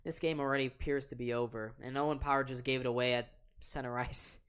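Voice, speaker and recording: A man's voice: mid-range voice, fairly even intonation, quick pace, a bit bright, clear, resonant tone. A young man in his late teens hosting a live reaction stream, calling hockey play-by-play in an exasperated, ranting way and repeating himself. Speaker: livestream host.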